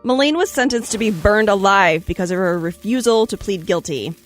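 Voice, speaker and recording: A woman hosting a casual group podcast, reading out a historical trial with animated asides and laughs. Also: medium pitch, brisk, faint music behind. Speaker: storyteller host.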